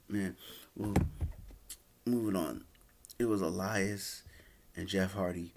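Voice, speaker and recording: Casual rambling male reviewer, low gravelly voice. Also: a little hiss or hum. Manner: rambling, many fillers and restarts. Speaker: wrestling reviewer.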